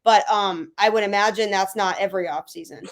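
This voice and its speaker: A woman's voice: medium pitch, steady tone, brisk. Chatty woman hosting an interview. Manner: chatty, enthusiastic, uses "like" often. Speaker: podcast host. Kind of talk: casual interview chat.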